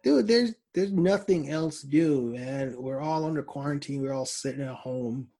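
Man, relaxed podcast co-host, husky tone, easygoing. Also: medium pitch, unhurried. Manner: laid-back, hesitant, teasing. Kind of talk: casual chat.

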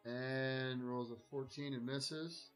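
A man's voice: medium pitch, slow pace, over music, poor audio. Laid-back man calling the dice. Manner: calls rolls and damage in a relaxed, matter-of-fact way. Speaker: dungeon master. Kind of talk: running a tabletop game.

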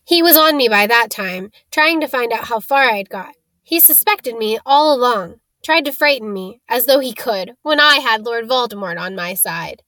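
A woman reading a cold, scheming male wizard teacher in an audiobook, calm and dismissive in manner. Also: a little high, normal speed, no echo.

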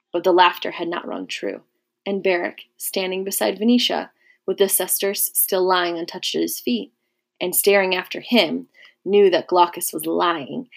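A woman narrating a historical novel in a measured, even storytelling manner. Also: mid-range voice, creaky.

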